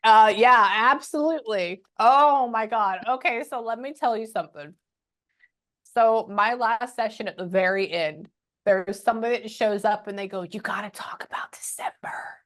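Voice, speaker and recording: A middle-aged woman working as a spiritual medium, giving a casual reading on a video call, animated and chatty, acting out what she hears and dropping to murmurs. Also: a little high, moderate pace. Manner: animated, acts out spirit dialogue, drops to murmurs; swearing, chatty, laughs often.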